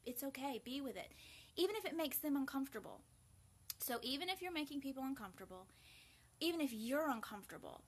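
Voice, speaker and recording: A woman's slightly high voice sounds pushed and bright. As host of a grief support live video, she talks to viewers casually and earnestly, often restarting and using fillers.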